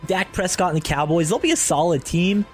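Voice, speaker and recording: A man's voice: high voice, a little fast, soft background music. A man co-hosting a casual sports radio chat, laying out his predictions in an easygoing, matter-of-fact way.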